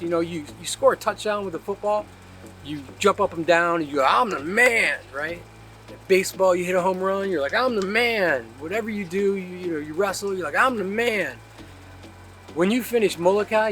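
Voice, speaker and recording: A man's voice: a little high, fairly bright tone. A middle-aged man, a paddler, telling emphatic, reflective stories about long-distance ocean racing. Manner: emphatic, reflective, laughs mid-story. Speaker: interviewee, paddler. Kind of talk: animated storytelling.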